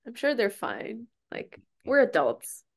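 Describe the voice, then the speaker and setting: A woman in her twenties from Beijing with an American accent, native in Mandarin, chats as an interview guest. Her pitch moves up and down a lot as she answers in a breezy, offhand way. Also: big pitch swings, takes it slowly, creaky, husky. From Beijing, China. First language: Mandarin Chinese. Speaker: content creator, guest. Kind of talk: casual interview.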